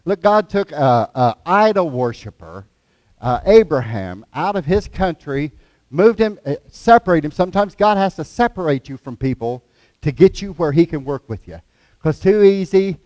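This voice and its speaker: Male preacher, raised pitch, homespun chatty sermon delivery, dry close sound. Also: darkish tone, no room sound. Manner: folksy, plain-spoken, quotes scripture, chuckles. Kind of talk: conversational sermon.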